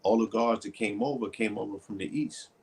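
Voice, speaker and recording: A man's voice: lowish voice, a little fast, breathy edge. A man co-hosting a talk show, laid-back and conversational, often checking in with the listener. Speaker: co-host. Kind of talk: casual chat.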